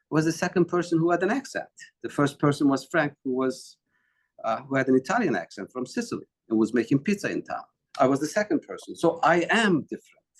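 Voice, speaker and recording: Earnest man with non-native English phrasing. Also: medium pitch. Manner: earnest, repetitive phrasing with frequent restarts. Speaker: company founder, interview guest. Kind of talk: conversational interview answer.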